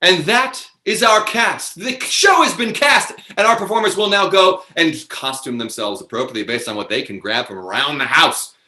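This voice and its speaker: A man's voice: fairly high pitch, animated, normal speed, hardly any pauses, pushed and bright, reverberant, slight background noise. A man hosting a live online improv comedy show, announcing the cast and rules with upbeat, theatrical patter over a video call.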